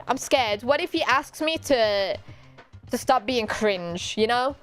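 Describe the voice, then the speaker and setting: A British woman chats to her stream at a slow, unhurried pace, playful and giggly, with a fairly high voice. She teases her viewers and breaks into high squeals. Faint music plays under her voice. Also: animated. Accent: British English. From Britain. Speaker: VTuber streamer. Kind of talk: casual chat.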